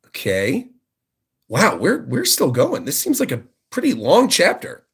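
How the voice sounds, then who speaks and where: A man hosting a livestream who reacts excitedly to a new manga chapter and reads the panels aloud. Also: medium pitch, normal speed, breathy edge. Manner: excited, enthusiastic commentary.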